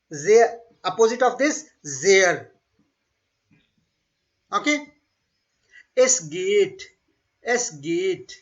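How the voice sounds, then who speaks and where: A man teaching German online speaks in a high, bright voice, pronouncing every phrase slowly and repeating it. Explanations follow in English laced with Hindi, and the recording quality is dull and lo-fi.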